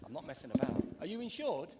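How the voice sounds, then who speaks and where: Male stage host, mock-outraged banter; high voice, reverberant big-hall sound. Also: very animated, quick pace, dark tone, slight background noise. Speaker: presenter. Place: large arena stage. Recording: long arena reverb.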